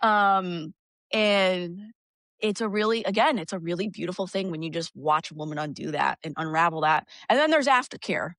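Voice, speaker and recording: A woman guest on a podcast, talking candidly with frank swearing and lively storytelling. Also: lowish voice, moderate pace, no room sound, studio quality. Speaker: guest, energy practitioner. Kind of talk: casual podcast conversation.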